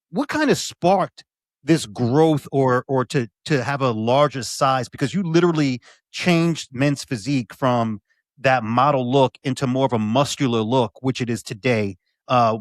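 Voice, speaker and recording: A man hosting a podcast interview, chatting casually and acting out stories with lively energy. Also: dry recording, studio quality. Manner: animated storyteller, acts out quotes with big pitch jumps. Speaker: podcast host.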